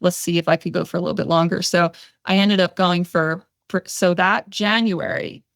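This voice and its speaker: A woman telling her story as a podcast interview guest, chatty, with many fillers and lively quoted dialogue. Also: lowish voice, normal speed, no room sound, clean studio sound.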